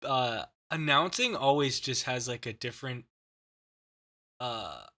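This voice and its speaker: A man hosting a paranormal podcast in a casual chat, halting and full of fillers. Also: mid-range voice, lively intonation, bright, forceful tone. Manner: halting, filler-heavy, laughs often. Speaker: podcast host.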